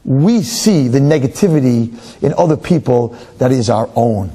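A middle-aged man, a rabbi, delivering a sermon with stories in an emphatic, animated preaching manner. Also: mid-range voice, normal speed, husky. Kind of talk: sermon with storytelling.

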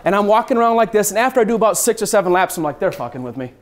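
A man telling a personal travel story, acting out scenes with lively shifts and the occasional swear word. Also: high-pitched, racing, slight background noise.

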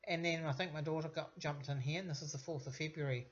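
A woman's voice: sits low, fairly even intonation, fast talker. A middle-aged woman, a vlogger giving casual commentary with wry, sarcastic asides. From New Zealand. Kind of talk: casual commentary reading out messages. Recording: dull lo-fi recording.

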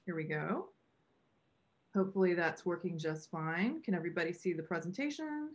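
A woman's voice: on the low side, moderate pace, muffled recording. A woman co-founder hosting a meetup on a video call, chatting in a loose, rambling way with many restarts. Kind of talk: casual welcome remarks on a video call.

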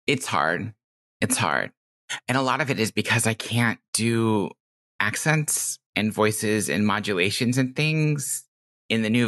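A game designer guesting on a podcast interview talks in a candid, reflective way. She has an extremely low-pitched, slightly bright voice and a nasal accent of her own making that blends Californian and Midwestern.

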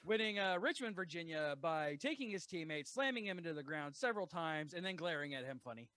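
Loud, excitable male podcast host. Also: fairly high pitch, a little fast, dry recording. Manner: loud, excitable and profane, with many fillers. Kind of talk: casual podcast chat.

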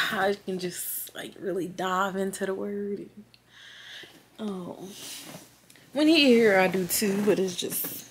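Mom vlogging from her bed, chatty and heartfelt, bit of hiss in the background. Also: mid-range voice. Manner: chatty and heartfelt, retelling with quoted dialogue. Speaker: vlogger, work-from-home mom. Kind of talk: casual faith vlog chat. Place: at home, sitting on the bed.

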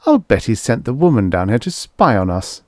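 A man's voice: mid-range voice, very animated, brisk, darkish tone, no echo, studio quality, natural voice. A man doing a flustered garage partner. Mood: harried. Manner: harried, pleading. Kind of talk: audiobook character voice.

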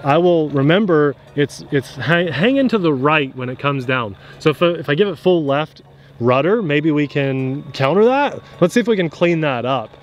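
A man's voice: fairly high pitch, animated, normal speed, a little hiss or hum. A young adult man, chatty and easygoing, explains what he is doing as he flies a model plane at an outdoor field. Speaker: RC pilot and channel host. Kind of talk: casual outdoor flying commentary.

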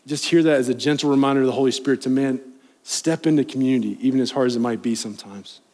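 A young youth pastor preaches in a church sanctuary before a live congregation, earnest and conversational, pleading and rising in emphasis. His mid-range voice is fast and a little mellow.

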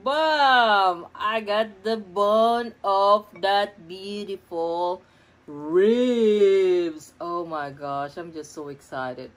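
A woman's voice: mid-range voice, extremely slow. A middle-aged woman eating on camera at home, murmuring between bites and gushing about her food. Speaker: food vlogger. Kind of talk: mukbang eating vlog. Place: home kitchen.

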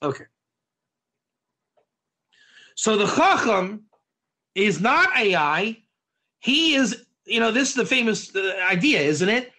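Bright, animated man teaching a Torah lesson. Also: high-pitched, a little slow. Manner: quizzes the audience with frequent questions; repeats and restarts phrases as he explains. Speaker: rabbi teaching a class. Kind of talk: Torah study lesson with modern analogies.

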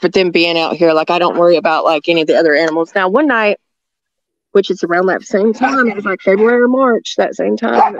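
A woman's voice: mid-range voice, creaky. A woman telling a story in a casual, chatty way, full of likes and ums. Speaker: guest. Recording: dull dry audio.

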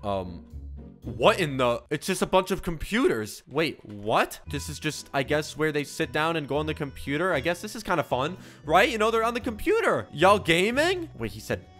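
A man giving excitable gameplay commentary with dramatic reactions. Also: a little high, normal speed, few pauses, faint music behind. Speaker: gaming YouTuber.

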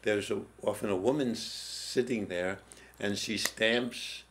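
An older man being interviewed in a TV studio, slowly telling a personal story with pauses and restarts. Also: lowish voice, noisy background. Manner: slow, halting, with pauses and restarts. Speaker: interview guest, former prison teacher. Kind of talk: reflective storytelling.

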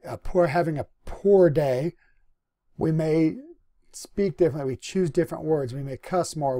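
Unhurried conversational male lecturer, mellow voice. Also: a little high. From US Northwest. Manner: unhurried, conversational, with restarts and pauses. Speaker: instructor. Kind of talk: recorded lecture.

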